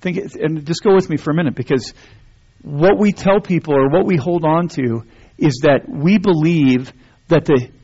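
A preacher giving a sermon in a church, his voice sitting a bit high with a husky edge. He talks conversationally, stumbling over restarts, then presses into emphatic runs. The recording sounds dull and lo-fi. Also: moderate pace, mellow. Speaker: pastor. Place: church sanctuary.

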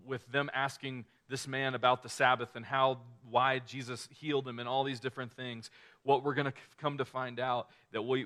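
A man's voice: medium pitch, fairly bright tone. Casual, conversational male preacher. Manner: casual, conversational preaching with restarts and acted-out quotes. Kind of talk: sermon.

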